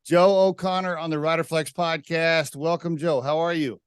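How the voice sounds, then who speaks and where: A man's voice: fairly high pitch, fairly even intonation, normal speed, smooth, no room sound, studio quality, soft background music. A man hosting a podcast interview, chatty and casual, rambling through his questions with restarts. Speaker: podcast host.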